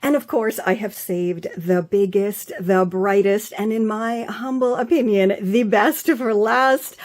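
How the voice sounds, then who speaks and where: A woman's voice: mid-range voice, steady tone, a little slow. A woman vlogger talking through her own books, gushing and effusive, often trailing off and restarting, so moved she is near tears. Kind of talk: excited casual show-and-tell.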